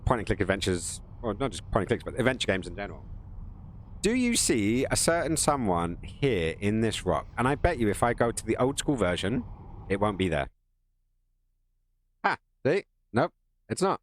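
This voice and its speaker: A man's voice: mid-range voice, fairly bright tone, a little hiss or hum. Rambling streamer man. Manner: rambling, jokey, chatting to viewers. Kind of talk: casual live-stream game commentary.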